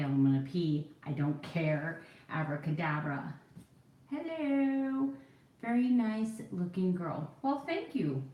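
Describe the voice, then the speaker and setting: A woman's voice: lowish voice, darkish tone, reverberant, rough recording. A woman in her forties chatting casually while doing her makeup at home, rambling and poking fun at herself. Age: 40s. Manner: chatty, rambling, self-deprecating. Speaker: vlogger. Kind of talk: casual get-ready-with-me chat.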